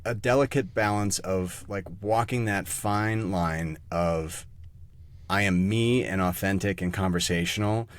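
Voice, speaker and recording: A man talking as a guest on a podcast, animated and casual, swearing freely and restarting sentences as he thinks. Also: sits low, unhurried. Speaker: guest voice actor.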